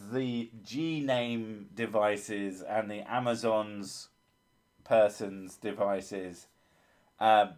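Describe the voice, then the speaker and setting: A man hosting a casual live stream, reading chat with dry, sweary teasing. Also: mid-range voice.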